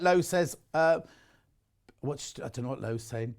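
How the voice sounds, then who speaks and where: A man's voice: a little high, lively intonation, normal speed. Chatty British male craft presenter. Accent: British English. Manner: chatty, teasing, reads viewer messages aloud. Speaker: shopping channel presenter. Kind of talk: live craft shopping chat. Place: TV studio.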